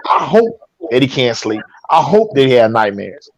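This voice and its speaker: A man's voice: mid-range voice, big pitch swings, normal speed. A man hosting a talk show, speaking casually and emotionally, often stumbling and repeating his words. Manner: repeats words, stammers when upset.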